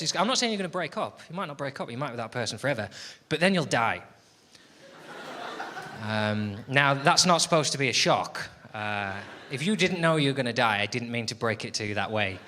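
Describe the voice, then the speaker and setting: A man's voice: medium pitch, sharp tone. A man in his late twenties doing a stand-up comedy set, wry and self-deprecating, with rambling asides. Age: late 20s. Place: comedy venue stage before a live audience. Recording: noisy live comedy recording.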